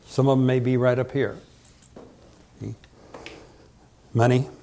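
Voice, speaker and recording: A male preacher, delivering a sermon in a mellow, warm voice. He tells the story dramatically and lifts his voice for the quoted lines. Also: mid-range voice, level tone, unhurried, gravelly. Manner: dramatic storytelling, rising loud for quoted lines, joking asides. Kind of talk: sermon retelling a Bible story.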